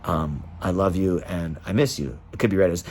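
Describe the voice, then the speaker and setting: A man's voice: low-pitched, normal speed, darkish tone, a little hiss or hum. A man delivering an emotional, profane rant straight to camera and acting out the voices of the people he quotes. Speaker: vlogger.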